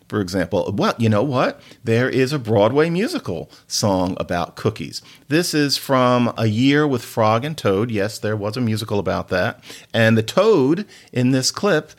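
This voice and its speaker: A man hosting a podcast about languages. He explains word origins in a chatty, playful way and often wanders into side stories. His voice sits at a middle pitch but moves up and down a lot. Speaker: podcast host, linguist. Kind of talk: casual explanatory podcast talk.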